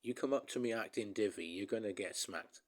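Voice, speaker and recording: A man vents in a casual vlog, talking straight to his viewers with a rambling, emphatic flow. His voice sits a little low, and he keeps calling his audience guys as he restarts his thoughts. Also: a little fast. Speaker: vlogger.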